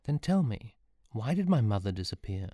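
A man's voice: on the low side, sing-song, normal speed, dark tone, no echo, clean studio sound. A man voicing a lonely young man lost in time, asking questions in a plain, wondering way. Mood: pleading.

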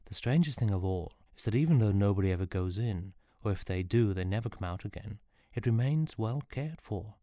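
A man's voice: fairly low pitch, expressive, fairly quick, warm tone, no room sound, studio quality, lightly acted. A man voicing a lonely young man lost in time, asking questions in a plain, wondering way.

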